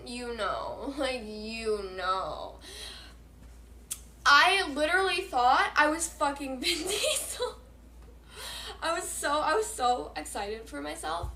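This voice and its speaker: A woman's voice: high voice, echoey room, slight background noise. A teenage girl vlogging a casual storytime, swearing a lot and rambling with plenty of fillers. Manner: profane, excitable, rambling with many fillers.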